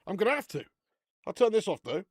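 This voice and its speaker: A chatty young man on a live stream, his voice rising and falling a lot as he banters with viewers. His voice sits a little high for a man, and the sound is dry and close, with no room echo. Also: sing-song, quick pace, breathy edge. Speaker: live-stream beer reviewer. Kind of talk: casual live-stream chat.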